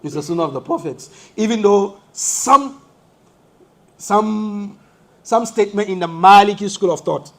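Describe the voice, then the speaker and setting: A man's voice: sits high, animated, measured pace, fairly bright tone. A man from Africa, teaching a study lesson in a mosque. He asks rhetorical questions and answers them himself, explaining step by step. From West Africa. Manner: explains step by step, shows hand positions as he speaks. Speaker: Islamic teacher.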